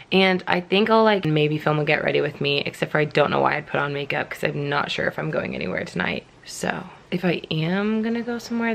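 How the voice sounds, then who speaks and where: A young woman from Southern California talks casually to her camera at home. Her voice sits a little low, and her speech is loose and chatty, full of fillers and light laughs. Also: vocal fry, slight background noise. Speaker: book vlogger. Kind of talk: casual vlog chat. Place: at home indoors.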